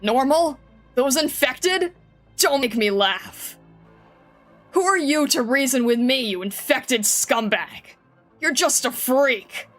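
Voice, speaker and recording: A woman's voice: sits high, expressive, slow, fairly bright tone, full character voice. A woman voicing a wary, defensive middle-aged male farmer who talks in a blunt, grumbling way, over faint background music. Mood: scornful.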